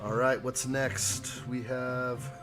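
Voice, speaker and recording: A man's voice: medium pitch, flat delivery, slow pace, music in the background. A man hosting a casual live stream, joking around and reading viewer chat aloud. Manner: playful, jokey, reads chat aloud.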